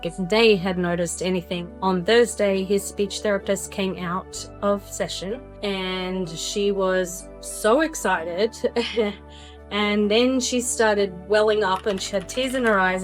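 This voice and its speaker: A woman's voice: mid-range voice, fairly even intonation, takes it slowly, faint music behind. A woman speaking earnestly and with relief about her son's changes, in a testimonial interview. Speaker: parent giving a testimonial.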